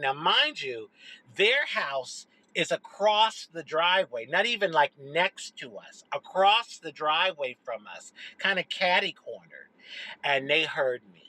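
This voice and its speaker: A woman around sixty telling a personal childhood story to camera, expressive, dropping low for emphasis. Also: rough recording. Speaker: social media storyteller.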